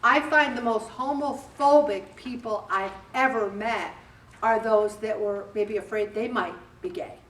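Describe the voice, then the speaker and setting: An older woman with a slightly high voice gives a chatty, direct talk to a group and acts out bits of dialogue. She is picked up from a distance in a roomy space. A faint hum sits behind her. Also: measured pace, fairly bright tone. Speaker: group leader speaking to a weight loss group. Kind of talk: casual motivational talk.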